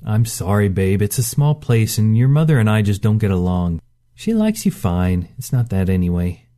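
A man voicing a gruff, stubborn ex-fighter. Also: on the low side, sing-song, moderate pace, mellow. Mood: bitter.

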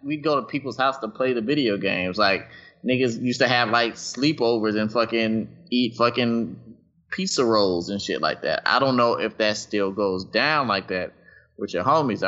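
A low-voiced man with a bright, forceful edge, rambling through a casual group call from home. His talk is loose and loaded with slang and swearing. The call audio is dull and lo-fi. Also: moderate pace. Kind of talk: casual profane group chat.

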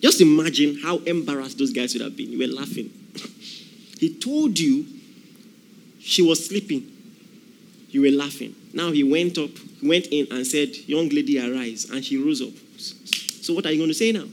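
A man's voice: fairly high pitch, expressive, normal speed, vocal fry, slight background noise. A man preaching a sermon, emphatic, repeating key phrases and acting out the voices of people in the story.

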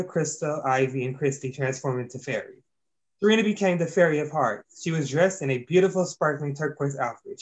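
A man reading an amateur fantasy story aloud, stumbling and correcting himself as he goes. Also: medium pitch. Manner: reads with slips and self-corrections. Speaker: narrator.

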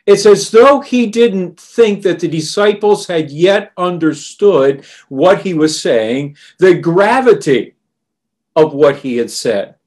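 Preaching a sermon, a man speaks in a high-pitched, animated voice. His delivery is slow, earnest and deliberate, and he goes softer on the verses he quotes.

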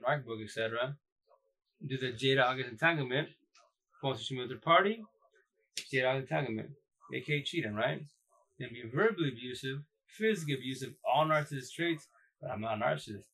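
A man's voice: mid-range voice, fairly bright tone, rough recording. A man hosting a casual livestream, talking in a rambling, emphatic way, swearing often and repeating himself. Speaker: livestream host.

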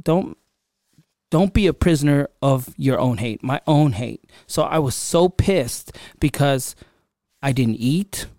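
A man's voice: medium pitch, a little mellow, dry recording, clean studio sound. Man telling a casual story. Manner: conversational, frequent fillers and asides. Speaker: podcast host.

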